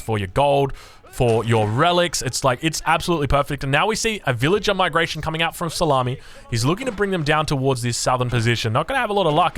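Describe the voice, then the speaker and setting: An Australian man casting a strategy game match live, talking at a rapid clip in a somewhat high voice. He is excitable and rambling, drifting into chatty asides. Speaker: game commentator.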